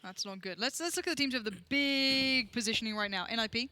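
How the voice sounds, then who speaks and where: A co-caster delivers colour commentary on an esports match in rapid, chatty bursts. The voice is bright and sharp, full of playful banter with a partner. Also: medium pitch.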